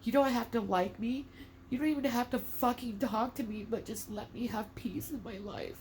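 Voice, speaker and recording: A woman's voice: fairly high pitch, normal speed, darkish tone, a little hiss or hum. A middle-aged mother speaking emotionally to camera, tearful and defiant, swearing in anger.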